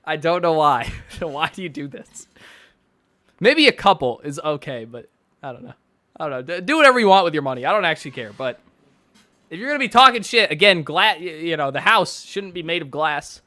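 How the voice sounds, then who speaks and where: A man's voice: fairly high pitch, sing-song, fairly quick, bright, forceful tone. A man streaming from his bedroom, reacting to posts with sarcastic, mocking commentary and frequent laughter.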